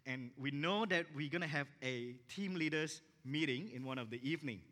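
A man pastor telling a story in a sermon, acting out the dialogue with lively energy. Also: on the high side, normal speed. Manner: animated, acts out dialogue in his stories. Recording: echoey hall reverb.

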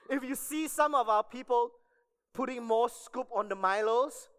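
A man's voice: very high-pitched, normal speed, a bit bright, clear, resonant tone. A man preaching a sermon to fellow church volunteers, telling a story and often checking in with "okay?". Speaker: church staff member preaching.

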